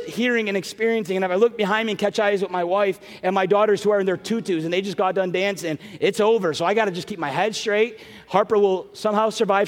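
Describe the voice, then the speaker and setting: Middle-aged male pastor, high voice, emotional storytelling sermon, long church reverb, soft music under. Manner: storytelling, emotional, breaks into quick asides. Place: large church sanctuary.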